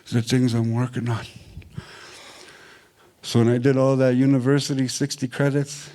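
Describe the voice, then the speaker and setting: A man's voice: mid-range voice, little pitch movement, moderate pace, dark tone. A man from Manitoba, giving an earnest, plain-spoken personal talk that often repeats its phrases. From Manitoba, Canada. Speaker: invited speaker.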